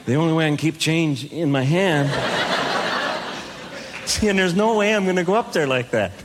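A man's voice: a little high, moderate pace, heavy background noise. A man telling self-deprecating comic stories with playful punchlines to a live audience. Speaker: comedic speaker. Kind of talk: stand-up storytelling.

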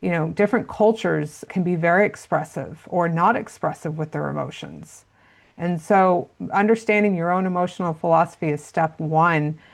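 A woman's voice: fairly low pitch, normal speed, creaky. A woman answering interview questions as a parenting expert, explaining at length with frequent fillers.

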